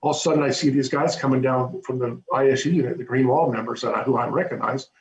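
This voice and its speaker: A man, a former prison corrections officer, telling his story in an interview with animated, hesitant restarts over a video call. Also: medium pitch, fast talker. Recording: roomy, dull lo-fi with faint hum.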